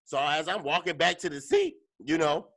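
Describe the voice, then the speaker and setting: A man co-hosting a podcast, telling a story in casual, profane chat and acting out his own reactions. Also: moderate pace. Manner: animated, profane, acts out his own lines in a higher voice. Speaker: podcast co-host.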